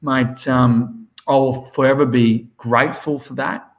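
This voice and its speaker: Aussie swim coach guy, lively storyteller, mate every line, bit muffled audio. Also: medium pitch, slow pace, creaky. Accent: Australian. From Australia. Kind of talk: casual podcast chat.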